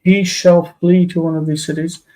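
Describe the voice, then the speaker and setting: A tired man teaching a live-streamed classical Hebrew grammar lesson, explaining patiently and slowly. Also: a little high, flat delivery, mellow, low-quality recording.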